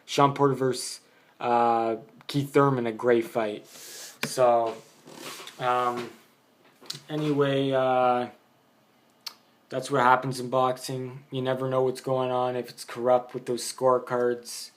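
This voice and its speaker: A man's voice: medium pitch, flat delivery, slow pace, long pauses, slight background noise. A man giving a casual, blunt boxing opinion monologue, rambling with many fillers. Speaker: boxing vlogger.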